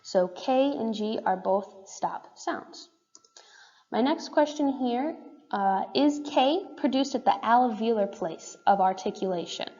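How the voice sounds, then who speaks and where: A woman's voice: on the high side, expressive, takes it slowly, mellow. A young woman student giving a class presentation, explaining in a casual way with frequent fillers. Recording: dull roomy recording with long reverb.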